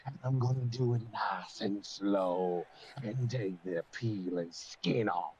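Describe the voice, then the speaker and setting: A man putting on the voice of a menacing, slow-talking villain, drawing out every word in a dull, lo-fi recording. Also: on the low side, darkish tone, husky, voice pushed down, exaggerated voice. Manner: slow, drawn-out, evil-sounding delivery.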